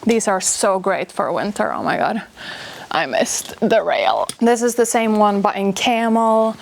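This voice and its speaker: A woman's voice: mid-range voice, a little slow, creaky. A woman vlogger chatting casually about her winter coats, gushing with stacked superlatives. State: a bit out of breath from carrying coats. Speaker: fashion vlogger. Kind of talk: casual chat to camera.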